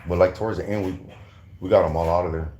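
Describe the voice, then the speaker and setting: A man's voice: low-pitched, steady tone, fast, warm tone, slight background noise. A middle-aged man from Southern California recounting prison stories in casual, profane street slang, full of restarts. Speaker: former prisoner telling stories. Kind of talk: casual storytelling.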